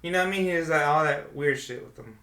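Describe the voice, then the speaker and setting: A man hosting a podcast in a studio, chatting casually and reacting excitedly, swearing freely. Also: a little high, quick pace. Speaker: podcast host. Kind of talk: casual chat.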